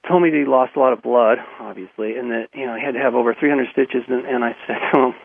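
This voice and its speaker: A man guest telling a personal story in a radio interview, halting and repeating his words, with frequent chuckles, over a phone line. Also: medium pitch, fairly even intonation, gravelly, slight background noise.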